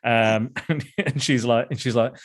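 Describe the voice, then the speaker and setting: A man's voice: medium pitch, unhurried. A man co-hosting a podcast, chatting casually about old films with frequent restarts and chuckles. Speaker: podcast co-host. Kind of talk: casual film discussion.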